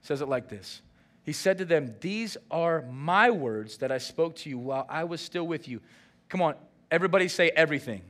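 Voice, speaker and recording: A man, the senior pastor, preaching a sermon and acting out lively dialogue. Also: on the high side, moderate pace. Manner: animated preaching with acted-out dialogue.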